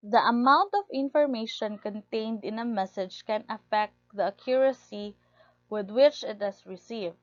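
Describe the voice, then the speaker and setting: A woman's voice: on the high side, normal speed, dry recording. A woman giving a recorded lecture, reading steadily from her notes and stressing key words. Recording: dull lo-fi recording, dry.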